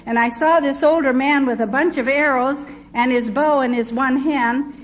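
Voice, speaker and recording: A woman's voice: high voice, fairly even intonation, normal speed, low-quality recording. An older woman, a missionary, telling her testimony as a vivid story. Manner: vivid storyteller who acts out quoted voices.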